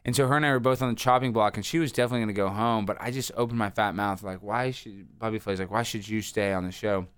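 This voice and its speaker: A man in his thirties, a guest telling rambling, animated stories with lots of fillers. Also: fairly low pitch, quick pace, hardly any pauses, clean tone, no room sound. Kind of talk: casual interview storytelling.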